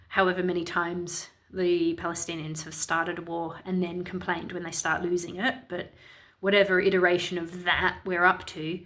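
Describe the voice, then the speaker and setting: A woman's voice: fairly low pitch, a bit bright. A woman from Ireland giving opinionated, sarcastic and indignant commentary in a vlog. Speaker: commentary vlogger.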